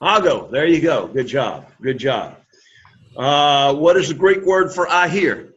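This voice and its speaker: A man's voice: on the high side, animated, measured pace, fairly bright tone, slight background noise. A man teaching an introductory Greek class, encouraging students and having them repeat words aloud. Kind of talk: classroom lecture. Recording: lo-fi classroom recording.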